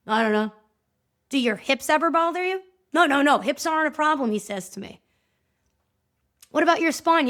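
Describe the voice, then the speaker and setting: A woman hosting a podcast, telling a story in a lively way and acting out both sides of the conversations. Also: sits high. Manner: animated, acts out both sides of dialogues. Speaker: podcast host and movement coach. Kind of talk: storytelling monologue.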